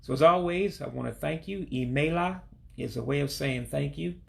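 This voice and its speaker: A man giving a casual spoken language lesson, patiently repeating each phrase slowly and then at speed. English is his first language, and he speaks from his home in Alabama. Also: on the high side, vocal fry. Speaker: language learner teaching vocabulary.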